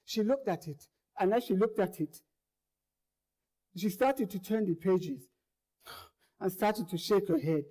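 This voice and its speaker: A man's voice: high-pitched, a little slow, pauses often, husky. Earnest man telling his own story. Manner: earnest, repeats words and phrases, grows louder as tension builds. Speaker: monologue performer. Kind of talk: performed first-person storytelling.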